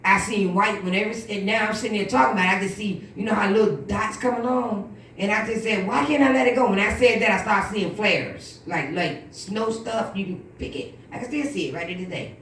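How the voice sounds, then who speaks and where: Animated woman testifying in church. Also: mid-range voice, a little fast, hardly any pauses, a little hiss or hum. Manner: animated storytelling with quoted voices. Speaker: minister. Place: church hall. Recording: echoey room from far off.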